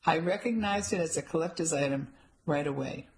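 A woman's voice: low-pitched, a little fast, low-quality recording. Woman reading as a haughty jewelry shop owner. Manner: indignant, plowing ahead.

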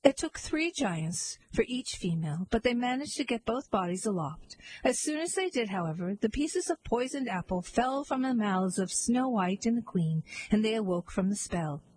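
A woman's voice: a little high, expressive, moderate pace, hardly any pauses, darkish tone, breathy edge, no echo, rough recording. Woman narrating a wry fairy tale. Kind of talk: comic storybook narration.

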